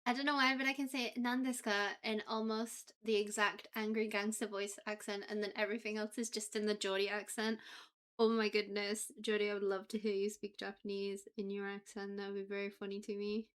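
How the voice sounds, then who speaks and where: A woman's voice: medium pitch, flat delivery, a little fast, a bit bright, clean tone. A woman livestreamer chatting casually with viewers in a playful, giggly way. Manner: playful, giggly, drifts into Japanese phrases.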